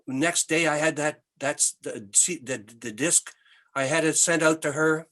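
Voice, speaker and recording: An older Canadian man, a musician guest, telling animated anecdotes in an interview with many restarts. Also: fairly high pitch, a little slow. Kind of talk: storytelling interview.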